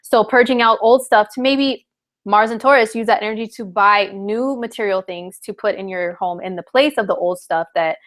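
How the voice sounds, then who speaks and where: A woman's voice: mid-range voice, moderate pace, fairly bright tone. A woman astrologer giving a casual live-streamed forecast, chatty and candid with many fillers.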